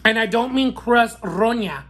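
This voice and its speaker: A male food vlogger with a very high-pitched, fairly bright voice reviews fast food mukbang-style. His talk is sassy and playful, and he savors every bite, often letting out mm and wow.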